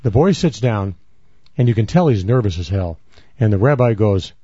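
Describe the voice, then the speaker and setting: A man's voice: fairly low pitch, lively intonation, moderate pace, warm tone, no echo, muffled recording. A man co-hosting a podcast, rambling through stories and repeating himself as he acts out scenes. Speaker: podcast co-host. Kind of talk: casual banter and storytelling.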